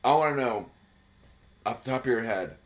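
This podcast co-host is a man with a medium-pitched, expressive voice speaking at a normal speed. His casual chat rambles along, enthusiastic and profane, and is packed with filler words.

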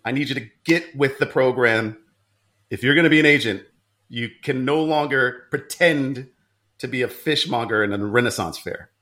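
A man's voice: mid-range voice, moderate pace, pushed and bright, natural voice. A man playing a brusque male agency boss who recruits a new agent, in an improvised comedy skit. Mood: teasing. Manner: bossy, teasing, playful.

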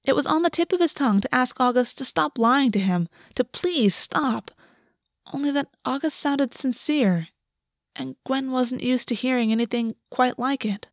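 A woman narrating a romance novel chapter with steady, intimate storytelling. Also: high voice, normal speed, dry recording, studio quality.

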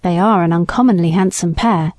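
A woman voicing a stern, principled gentleman who owns horses, speaking gravely and reprovingly. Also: on the low side, fairly quick, no echo, voice pushed down, close to an everyday voice. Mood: frank.

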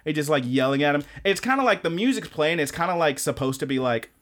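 A man's voice: fairly high pitch, lively intonation, fast talker, fairly bright tone. A man co-hosting a podcast, recapping a show in a rambling, profane way, filling his talk with "like". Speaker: podcast co-host. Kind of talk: casual podcast chat.

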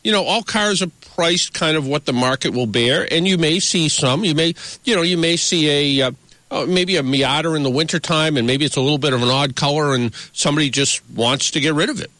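A man's voice: fairly high pitch, brisk, bright, forceful tone, no echo. A man hosting a car talk radio show, chatting loosely with a guest and leaning on fillers. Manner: chatty, rambling with many "you know" fillers. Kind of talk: casual radio interview.

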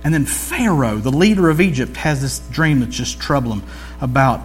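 A man's voice: medium pitch, animated, moderate pace, soft background music. A man preaching a sermon in a loose, conversational storytelling way, with jokey asides and slang.

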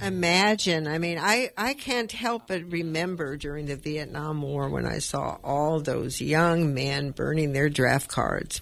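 A woman's voice: low-pitched, vocal fry, a bit bright. Elderly woman hosting a radio talk show. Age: 80s. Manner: halting, reminiscing, many restarts and fillers; slow, heartfelt poetry recitation. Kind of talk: casual radio talk and poetry reading.

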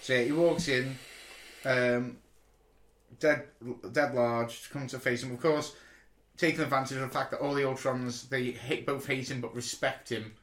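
Male podcast co-host, mid-pitched, excitable storyteller, echoey room. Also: normal speed. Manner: excitable, animated recounting of a comic plot. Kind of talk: casual chat.

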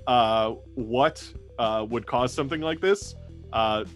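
A man at a mid-range pitch runs a tabletop role-playing game as its game master. He narrates in a halting way, stopping and restarting with plenty of fillers. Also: soft background music.

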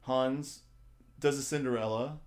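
A man at an ordinary middle pitch, talking loosely with a friend about a film. He laughs often, swears freely and slips into the characters' lines as he retells the scenes. His delivery is relaxed and conversational. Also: measured pace, clean tone. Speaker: podcast co-host recapping a film. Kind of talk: casual chat.

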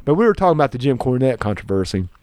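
A man hosting a podcast in casual chat, chummy and quick to laugh. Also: medium pitch, sing-song, darkish tone, no echo. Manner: chummy, laughing, calls people brother. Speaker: podcast host.

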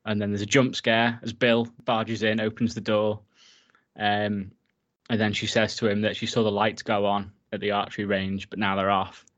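A man's voice: fairly low pitch, little pitch movement, normal speed, a bit bright, highs cut off. A man casually recapping a horror film for his co-host, enthusiastic and swearing freely. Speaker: podcast co-host.

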